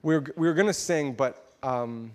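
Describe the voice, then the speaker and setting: A man's voice: medium pitch, moderate pace, a little mellow, in a large hall. A man, a pastor, telling a story in a casual, chatty sermon to his church. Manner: casual, chatty, with fillers and laughs. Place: church sanctuary.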